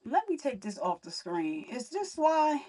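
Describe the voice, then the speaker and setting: A chatty young woman hosts a livestream from home. Her voice sits a little high, and she talks straight to her viewers through a computer mic. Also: sing-song, measured pace, warm tone, breathy edge, recorded from a distance. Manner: chatty, talks to viewers while fixing audio. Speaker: livestream host. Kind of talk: casual livestream chat.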